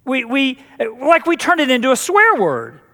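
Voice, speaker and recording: A male pastor preaches a sermon with a jokey touch and often repeats words as he restarts his sentences. His voice sits high for a man. The sound rings out with the long reverb of a church hall. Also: wildly swooping pitch, moderate pace, sharp tone.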